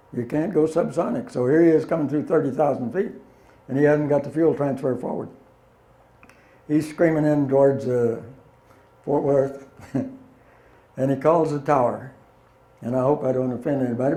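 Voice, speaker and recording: An older man spins folksy, plainspoken stories for a room of listeners, his voice mellow and warm. He chuckles at his own punchlines, and the sound carries a roomy hall echo. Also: mid-range voice. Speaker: guest speaker, former pilot. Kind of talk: anecdotal talk to an audience. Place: meeting hall.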